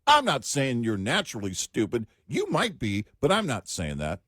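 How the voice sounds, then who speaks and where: Animated, opinionated male radio co-host. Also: medium pitch, normal speed, dry recording, studio quality. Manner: opinionated, emphatic, joking. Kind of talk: talk radio banter.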